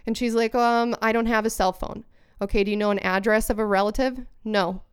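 Animated woman telling a story, smooth voice. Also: brisk. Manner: animated storytelling, acting out quotes with raised pitch; swears freely. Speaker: storyteller recounting a workplace incident. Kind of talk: casual chat.

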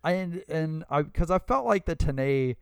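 A man's voice: on the high side, lively intonation, a little slow, gravelly, clear, resonant tone, no room sound. A man co-hosting a podcast, chatting casually in a rambling way, full of fillers and laughs. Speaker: podcast co-host. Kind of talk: casual chat.

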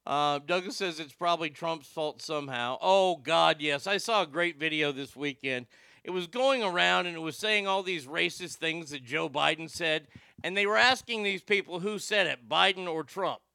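A man's voice: fairly high pitch, moderate pace, vocal fry, pushed and bright, smooth, dry recording. A man hosting a political commentary show, sarcastic and profane, mocking what he plays. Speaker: host.

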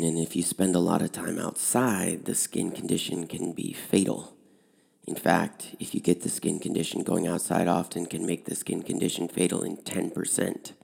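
Relaxed and conversational, with fillers here and there, a man in charge of a high school outdoor program tells a story from his own life. His voice comes across gravelly and slightly rough.

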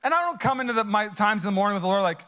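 A man preaching a sermon, casual and storytelling, swinging between loud, high passages and quiet, intimate asides. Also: expressive, rapid-fire. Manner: casual, storytelling, many fillers and restarts. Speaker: pastor. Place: church auditorium.

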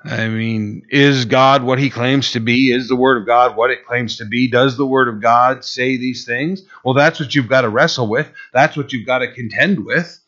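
A man's voice: mid-range voice, fairly even intonation, normal speed, few pauses, fairly bright tone, dull audio. A man preaching a sermon in a conversational way, sometimes acting out the voices of Bible figures. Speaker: pastor.

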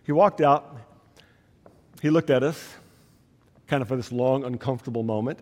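A man's voice: mid-range voice, moderate pace, a little mellow. A man preaching a sermon, telling stories with emphatic, rising delivery. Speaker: pastor. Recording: long hall reverb.

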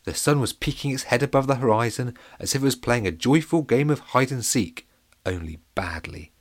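A man's voice: medium pitch, a little fast. A man narrating a children's audiobook, with playful asides to his listeners. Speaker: storyteller.

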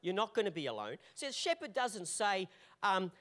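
A male pastor preaching a sermon, with a fairly high voice. He speaks in an animated, repetitive way and often restarts his phrases as he drives each point home. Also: normal speed.

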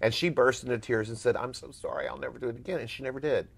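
Casting note: male interview guest, ex-agent, forceful and direct storyteller, middle pitch. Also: rapid-fire, vocal fry, husky. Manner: emphatic, blunt, animated storyteller. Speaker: former talent agent.

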